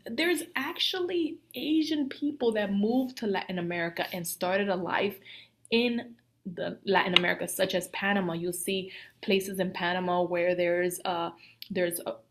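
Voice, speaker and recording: A woman from the Dominican Republic in her thirties, a Spanish teacher giving a casual training talk, chatty and animated, dropping into whispered asides. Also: on the low side.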